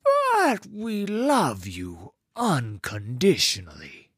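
Storybook father figure, very low and drawn out, husky, voiced by a woman. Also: huge pitch swings, very slow, dry recording, clean studio sound, exaggerated voice. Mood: reassuring. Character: plodding deep-voiced Yordle father.

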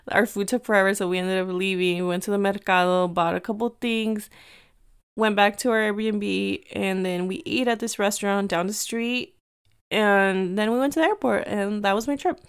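Her voice is medium-pitched, clear, and resonant: a woman from the United States in her thirties, chatting casually as a podcast host. She's a talkative storyteller who mixes in Spanish phrases, speaking in quick bursts punctuated by laughter.

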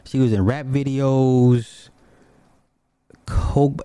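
A man telling a personal story in a casual, profane, animated way, swinging from low mutters to high exclamations. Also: measured pace, dry recording.

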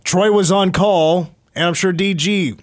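A man hosting a sports radio show, talking casually in a hoarse voice. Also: high-pitched, a little slow, no room sound, clean studio sound. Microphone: studio mic.

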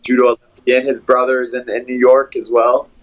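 Male fight coach, mid-pitched, calm analytical breakdown, muffled lo-fi sound. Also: brisk. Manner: steady, analytical play-by-play.

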